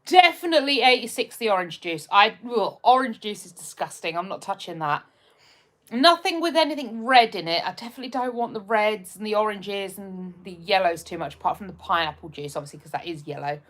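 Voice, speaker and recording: A young woman from just outside London, England, hosts a live stream, speaking briskly in an expressive, mid-range, fairly bright voice. Chatty and rambling, she reads viewer comments with lots of ums and frequent restarts.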